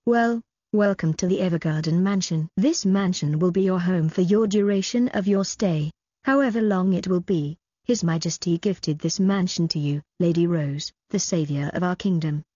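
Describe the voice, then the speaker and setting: A woman voicing a soft-mannered, polite young male butler in an audiobook, with formal, courteous speech. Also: fairly low pitch, normal speed, breathy edge, no room sound, dull audio.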